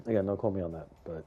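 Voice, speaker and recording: A young man giving casual, rambling commentary on a video game, chatty and excitable, with lots of fillers and some stuttering. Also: sits low, phone-quality sound, slight background noise. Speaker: gaming YouTuber.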